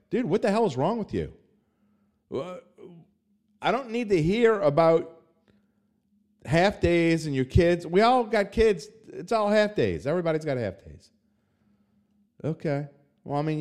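A man's voice: mid-range voice, darkish tone. A middle-aged man hosting a sports podcast, rambling and ranting in a self-mocking, casual way. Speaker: podcast host and sports betting writer. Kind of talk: casual solo podcast talk.

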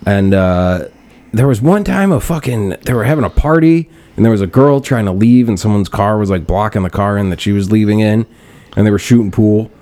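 Speaking fairly quickly with a dark tone and lively intonation, this young podcast host has a fairly low-pitched voice. His casual storytelling is full of swearing and laughter, and he performs the quotes he relays.

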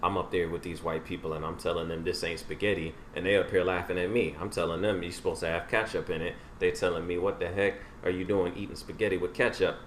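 A man's voice: low-pitched, little pitch movement, fast, hardly any pauses, slight background noise. A man in casual comedic conversation, riffing and reacting with jokes. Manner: laughing, jokey reactions and riffs.

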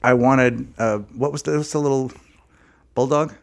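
A man co-hosting a casual comedy chat, excitable and laughing often. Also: mid-range voice, normal speed, creaky. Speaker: podcast co-host.

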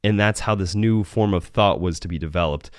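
A man's voice: low voice, brisk, dry recording, clean studio sound. A man hosting a solo podcast, talking in a rambling, profane way and often correcting himself. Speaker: podcast host.

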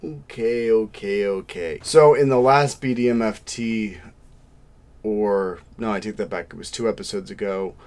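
Young guy, low pitch, rambling podcast co-host, self-deprecating. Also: unhurried, darkish tone. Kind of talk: casual chat.

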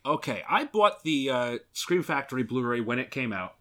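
A man's voice: mid-range voice, very animated, normal speed, bright, forceful tone. A man co-hosting a movie podcast, chatting casually and gushing enthusiastically about films. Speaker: podcast co-host.

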